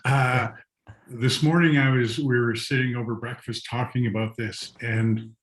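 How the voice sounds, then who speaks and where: Slow, reflective older man storyteller. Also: medium pitch, steady tone, rough recording. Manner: slow, reflective, with soft laughs. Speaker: guest artist and storyteller. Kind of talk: storytelling talk. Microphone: video call.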